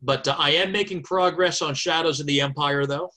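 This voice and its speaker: A man's voice: on the high side, a little fast, bright, forceful tone. A man chatting on a podcast over a video call, talkative and thinking aloud with many fillers. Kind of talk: casual chat.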